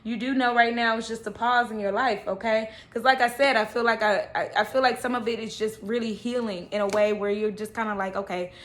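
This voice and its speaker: A woman's voice: fairly high pitch, fairly even intonation, brisk, few pauses, slight background noise. Chatty woman reading tarot cards. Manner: chatty, repeats okay and all right. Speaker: tarot reader.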